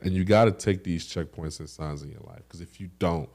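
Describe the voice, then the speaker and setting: A young man with a fairly low voice co-hosts a casual podcast. He tells stories with lots of energy and throws in sound effects to act out what happened. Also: a little fast, creaky. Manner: animated storyteller with sound effects. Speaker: podcast co-host.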